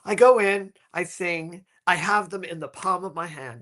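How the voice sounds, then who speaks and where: Male co-host, bright and animated, fairly high voice, full of restarts. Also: normal speed, few pauses. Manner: animated storyteller, many restarts. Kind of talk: casual chat.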